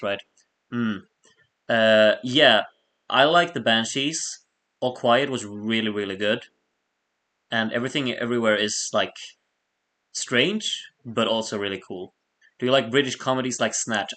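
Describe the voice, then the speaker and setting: A man's voice: medium pitch, a bit bright. A man hosting a late-night live stream, chatting casually, reading viewer messages aloud and laughing often as he rambles.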